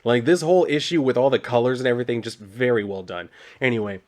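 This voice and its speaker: A man's voice: medium pitch, fast talker, a little mellow. A man reviewing a comic book, retelling the plot in a loose, profane, casual way full of "like".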